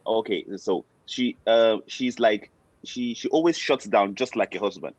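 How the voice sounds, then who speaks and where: A man's voice: lowish voice, measured pace, dull audio. A man asking a question over a video call from his car, talking hesitantly and repeating words. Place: parked car. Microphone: video call on phone.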